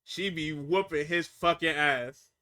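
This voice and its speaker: A man with a slightly high, bright and forceful voice talks through a wrestling recap. He is loose and profane, slips into quick impressions of the people he describes, and laughs a lot. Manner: animated, acts out quotes, laughs often. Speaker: podcast co-host recapping wrestling.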